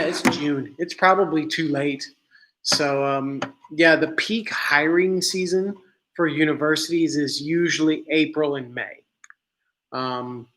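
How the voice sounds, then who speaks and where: A young man from the United States chats loosely with his viewers, his voice sitting a little high for a man. He wanders through his answers with frequent fillers and restarts. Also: fairly bright tone, slight background noise. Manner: rambling, many fillers and restarts. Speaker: livestream host answering viewer questions. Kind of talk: casual live Q&A chat. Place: living in China, at home streaming.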